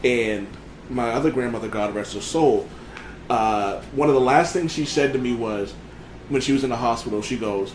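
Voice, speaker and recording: A man's voice: mid-range voice, normal speed, roomy sound, slight background noise, low-quality recording. Rambling man hosting a casual podcast. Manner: rambling, many fillers and restarts. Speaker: podcast host. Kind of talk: casual chat.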